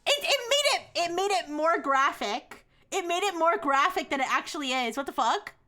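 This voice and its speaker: A woman streamer chatting casually and excitedly, giggling often and restarting her sentences. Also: high voice, normal speed. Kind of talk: casual live stream chat.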